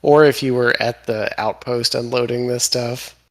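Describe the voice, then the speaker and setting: A man in casual chat about a game, telling what happened in a relaxed way with wry asides. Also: mid-range voice, moderate pace, no echo. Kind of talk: casual chat reviewing gameplay.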